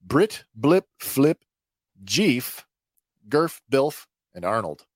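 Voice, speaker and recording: A man voicing a frantic woman who was posing as an imperial officer, pleading and rushed. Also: sits low, expressive, a bit bright, no echo, clean studio sound. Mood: blurting.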